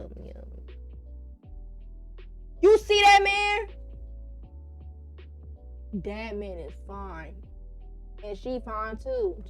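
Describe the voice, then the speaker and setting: A woman recapping a romance manga on her channel, casual and profane, gushing and swinging between loud and soft. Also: medium pitch. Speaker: manga reviewer.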